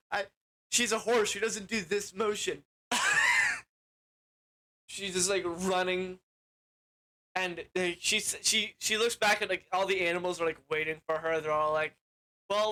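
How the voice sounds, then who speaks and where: Bright-voiced man rambling through a movie recap. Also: high-pitched, steady tone, a little slow, long pauses, rough recording. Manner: rambling, laughing, full of fillers. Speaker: movie reviewer.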